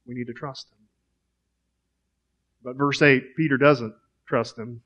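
A man's voice: medium pitch, steady tone, slow pace, pauses often, a bit bright, highs cut off. A man preaching a sermon in a conversational way, asking rhetorical questions.

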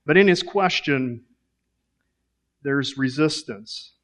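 Male preacher, sermon, conversational, rhetorical questions, higher-pitched voice. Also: unhurried, a bit bright.

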